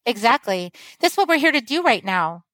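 A woman's voice: on the high side, big pitch swings, fairly quick, fairly bright tone, no echo, low-quality recording. A woman guest on a podcast, talking in an earnest, flowing, teacherly way about spiritual growth. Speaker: guest author and medicine woman. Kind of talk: casual podcast conversation.

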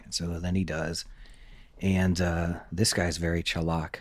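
A man's voice: sits low, flat delivery, a little slow, dry recording. A man, a former intelligence officer, telling candid stories in an interview, swearing freely and acting out the dialogue. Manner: candid, profane, acts out dialogue.

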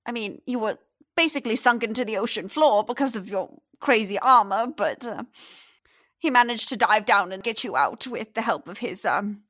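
A woman's voice: a little high, a bit bright. A woman voicing a chatty, motherly old woman, a fisherman's wife who fusses over a guest.

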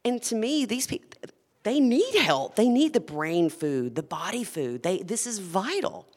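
A woman's voice: mid-range voice, very animated, a little slow, a little mellow, in a large hall. A woman who founded a food company, talking earnestly and with passion as a guest in a conversational interview.

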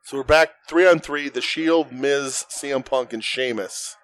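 A man's voice: medium pitch, a little slow, a bit bright, smooth. A man co-hosting a casual podcast, laid-back, giving a running rundown of the action and joking with nicknames. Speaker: podcast co-host. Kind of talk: casual chat during a live watch-along.

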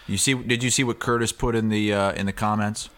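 A man co-hosting a sports podcast, telling a story in casual chat and shouting the quoted lines loudly. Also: on the low side, steady tone, fairly quick. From Iowa. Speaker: podcast co-host.

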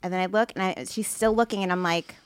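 A woman's voice: on the low side, fairly even intonation, fast, clear, resonant tone, dry recording, studio quality. A woman hosting a casual podcast, talking hesitantly with many fillers. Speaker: podcast host.

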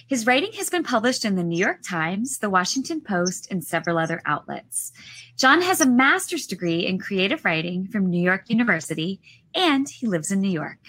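A woman's voice: medium pitch, sing-song, normal speed, fairly bright tone. A woman co-hosting a book talk show, chatting playfully about sponsors and giveaways. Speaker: co-host. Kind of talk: casual chat.

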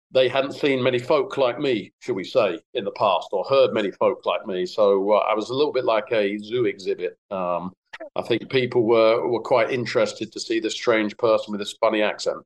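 A middle-aged man with an English accent, a golf broadcaster chatting as a podcast guest, telling relaxed stories with plenty of fillers. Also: lowish voice, rough recording. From England. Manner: relaxed storytelling with many fillers. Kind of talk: casual podcast chat.

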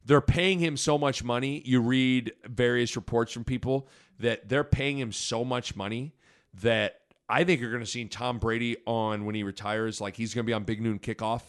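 A man's voice: mid-range voice, fairly even intonation, normal speed, clear, resonant tone. Rambling man in sports chat. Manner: rambling, filler-heavy, restarts often. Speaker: sports podcast co-host.

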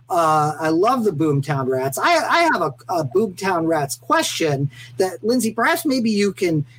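A woman co-hosting a podcast in easygoing chat. Her pitch swings widely as she rambles and restarts her sentences. A faint hiss sits under the voice. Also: rough recording. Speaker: podcast co-host. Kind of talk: casual chat.

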